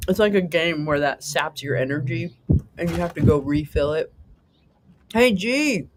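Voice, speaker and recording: A woman's voice: low voice, lively intonation, measured pace, noisy background. A woman hosting a casual live stream, chatting with viewers, reading the chat aloud, laughing often and swearing casually with a self-mocking humor. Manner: chatty, giggly, reads chat aloud and jokes. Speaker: livestream host.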